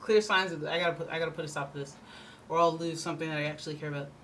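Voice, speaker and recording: A woman's voice: low voice, steady tone, racing, a bit bright, a little hiss or hum. A woman giving a casual tarot reading, chatty and blunt, slipping into playful mock voices. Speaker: tarot reader.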